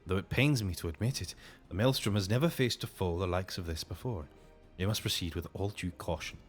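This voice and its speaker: A man's voice: deep voice, a little fast, faint music behind, lightly acted. A man voicing a grave military commander with an Irish accent, speaking formally and cautiously. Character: grave military commander, worried for his men.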